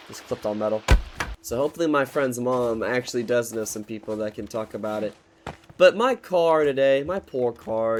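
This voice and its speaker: There's a faint hiss or hum as this young man, in his twenties with a mid-range voice, grumbles through a game. He tells his story in a loose, frustrated ramble, swearing a lot and starting over mid-thought.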